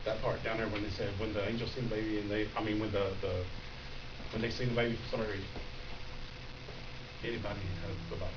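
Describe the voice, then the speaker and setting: A man preaches to a youth group with animated energy, acting out excited voices and often breaking into shouts. He is picked up from a distance in a roomy, echoing space. The recording is dull and carries steady noise. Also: fairly low pitch, quick pace, pauses often. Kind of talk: sermon. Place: church youth room. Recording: dull echoey room recording from a distance, noisy.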